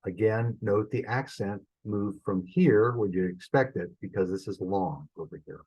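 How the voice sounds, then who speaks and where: A man's voice: lowish voice, moderate pace, darkish tone, slightly rough, rough recording. A middle-aged man teaching a Greek lesson, thinking aloud as he works through examples and stops to correct his own mistakes. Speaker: Greek instructor. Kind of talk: recorded classroom lesson.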